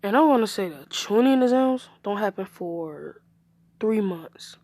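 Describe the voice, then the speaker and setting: A woman's voice: medium pitch, animated, unhurried, mellow, no echo. A woman improvising a fan-made anime story, rambling and correcting herself as she goes.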